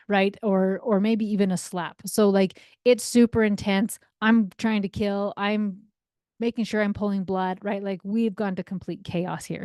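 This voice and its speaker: A woman's voice: mid-range voice, clean tone, dry recording, clean studio sound. A woman in her thirties hosting a parenting podcast, talking energetically and casually as a coach. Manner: energetic, chatty, acts out quoted voices. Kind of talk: solo podcast teaching.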